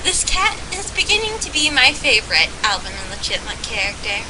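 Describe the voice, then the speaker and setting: High lively young woman getting mock-emotional, hiss behind. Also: fairly quick. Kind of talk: comedy countdown. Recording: noisy hiss.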